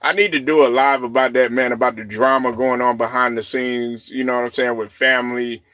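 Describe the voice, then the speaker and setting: A man hosting a casual live stream, rambling and laughing often, breaking into loud shouted reactions. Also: mid-range voice, steady tone, a little fast, dry recording, studio quality. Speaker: show host.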